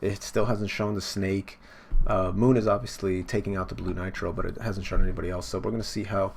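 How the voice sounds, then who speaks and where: A man's voice: low-pitched, creaky, slight background noise. A man casually reading through and reacting to a manga chapter for his channel, rambling, with many fillers and casual swearing.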